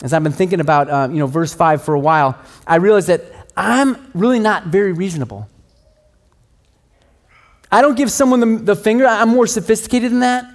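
A middle-aged male pastor delivering a sermon in a relaxed, conversational way. His voice sits a little higher than most men's, and he pokes fun at himself as he tells everyday stories. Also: a little fast. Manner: conversational, self-deprecating storytelling.

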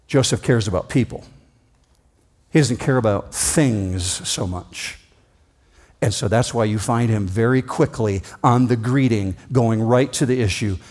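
Male pastor, sermon delivery, middle-pitched voice, expressive, reads scripture and acts out quoted lines.

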